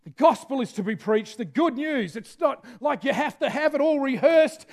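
A middle-aged man preaching a sermon with energy, shouting out key phrases. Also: extremely high pitch, lively intonation, normal speed, few pauses.

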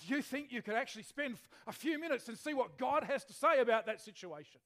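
A man's voice: very high-pitched, animated, quick pace, fairly bright tone. A male pastor preaching a sermon in a chatty way, often asking the congregation questions.

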